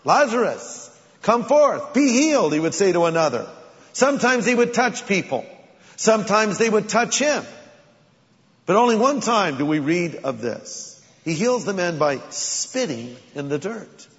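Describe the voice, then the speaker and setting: A man with a high voice preaches a sermon, shifting between easy conversation and sudden dramatic emphasis. His voice rings with long hall reverb on a dull, lo-fi recording. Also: big pitch swings, moderate pace, a bit bright. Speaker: pastor.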